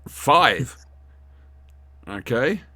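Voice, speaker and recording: A man's voice: mid-range voice, drawn-out words, no room sound. A man, co-hosting a casual, jokey watch-along commentary. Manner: jokey, rambling, animated reactions. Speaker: podcast co-host.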